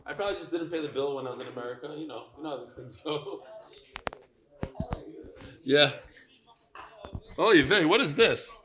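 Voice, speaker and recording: A man with a slightly higher voice holds court as a rabbi before his daily class. He chats loosely with the room, calls out regulars by name and teases them in an animated, playful way. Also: normal speed, pauses often, slight background noise. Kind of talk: casual banter with a live audience.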